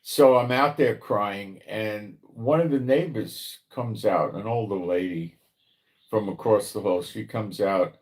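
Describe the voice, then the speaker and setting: Rambling New man, low voice. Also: takes it slowly. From New York, the Bronx. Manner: conversational, rambling, asks listener rhetorical questions. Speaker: prophecy commentator, channel host. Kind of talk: religious commentary monologue.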